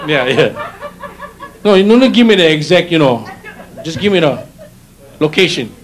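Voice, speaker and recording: Speaking at normal speed in a high-leaning, very animated voice, a middle-aged man with a Hawaiian Pidgin accent does crowd work during his stand-up. He teases audience members in a hotel showroom, and the live recording picks up laughter and crowd noise.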